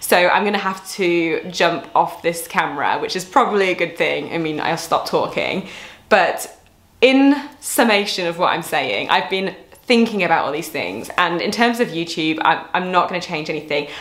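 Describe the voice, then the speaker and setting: A woman's voice: fairly low pitch, animated, normal speed, fairly bright tone, roomy sound. A young woman, a fitness coach, talking candidly to her camera in an earnest, reflective, rambling way.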